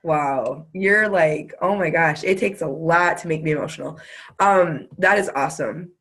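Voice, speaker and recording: A woman's voice: deep voice, moderate pace, a bit bright, breathy edge. A woman hosting a casual video call, effusive and gushing, full of "like" and filler words. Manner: effusive, gushing, lots of "like" and laughter. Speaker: host.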